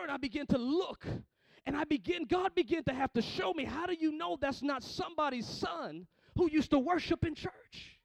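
Preacher guy, really high voice, gravelly, goes from quiet to yelling at the church. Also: dry recording. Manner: preaching with call-and-response, swinging from hushed to shouting. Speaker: pastor. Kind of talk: sermon.

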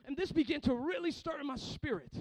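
A male pastor preaching a sermon, calling out to the congregation and swinging from hushed storytelling to shouting. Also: extremely high pitch, animated, a little fast, no room sound.

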